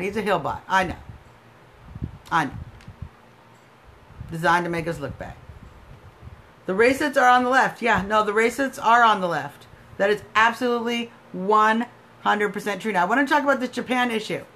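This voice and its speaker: Brief: emphatic, argumentative American woman, livestream host, fairly high voice. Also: lively intonation, moderate pace, bright, forceful tone. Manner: emphatic, argumentative, answers viewer comments. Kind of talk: live political commentary.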